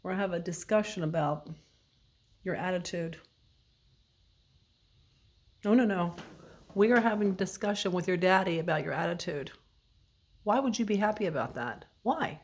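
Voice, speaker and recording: A woman's voice: on the low side, expressive, normal speed, pauses often. A woman vlogger talking to her dog in a playful, mock-scolding way, asking him questions.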